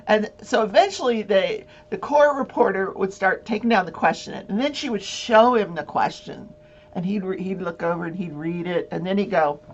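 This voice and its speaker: A woman hosting a casual talk show, telling a long story with many fillers and frequent laughter. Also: mid-range voice. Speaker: host. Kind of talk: casual chat. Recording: dull lo-fi with faint hum.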